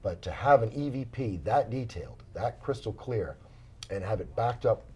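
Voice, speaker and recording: Guest investigator, male, low husky voice, animated storyteller, studio chat. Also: moderate pace. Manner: animated storyteller, many fillers and restarts. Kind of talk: casual interview storytelling. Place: small studio.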